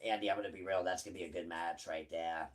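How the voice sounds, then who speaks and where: A man voicing a blunt, teasing male sidekick in a lower, muttered voice, as casual two-voice banter. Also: steady tone, quick pace, natural voice.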